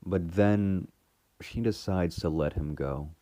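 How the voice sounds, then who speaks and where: A man's voice: low-pitched, slow, dark tone, no echo. A man casually recapping a TV episode in a rambling way, full of fillers and restarts. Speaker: fan reviewer retelling a TV episode.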